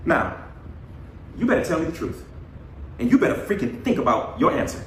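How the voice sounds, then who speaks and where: A man's voice: a little high, sing-song, fairly quick, long pauses, reverberant, distant mic, a little hiss or hum, low-quality recording. A man in the role of a parent, scolding in an exasperated, intense voice. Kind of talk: angry lecture.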